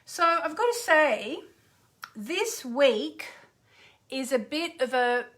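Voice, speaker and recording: A woman's voice: high voice, very animated, slow pace, fairly bright tone. A middle-aged woman, an astrologer and radio host, chatting casually with viewers on a livestream and greeting them by name.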